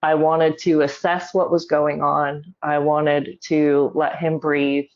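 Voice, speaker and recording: Low-voiced woman recounting a painful story. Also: level tone, a little mellow, muffled recording. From South Carolina, US. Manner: measured, emotional, holding back tears. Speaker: guest. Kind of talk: personal storytelling in an interview.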